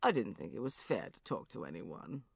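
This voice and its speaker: Figure: weary young man friend in a dull monotone. Performer: a woman doing him. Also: lowish voice, normal speed, no echo, studio quality.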